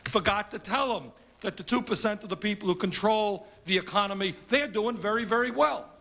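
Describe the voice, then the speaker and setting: A man's voice: sits high, a little fast, bright, forceful tone. A congressman giving an emphatic speech at a conference, building his points through repeated phrases.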